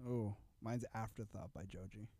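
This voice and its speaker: Mellow laid-back young podcast co-host man. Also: fairly low pitch, normal speed, no room sound, clean studio sound. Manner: laid-back, rambling, filler-heavy. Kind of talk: casual podcast chat.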